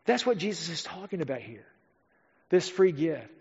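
Man, high voice, preaching, emphatic, dramatic slow pauses, long hall echo, muffled audio. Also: sing-song, gravelly, slightly rough. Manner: emphatic, with dramatic slowdowns and drops to near-quiet. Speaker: pastor. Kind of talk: sermon.

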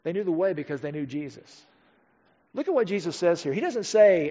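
A man preaching a sermon emphatically, slowing down and dropping to a near-quiet voice for key phrases. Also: high voice, expressive. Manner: emphatic, with dramatic slowdowns and drops to near-quiet. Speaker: pastor. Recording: dull audio with long hall reverb.

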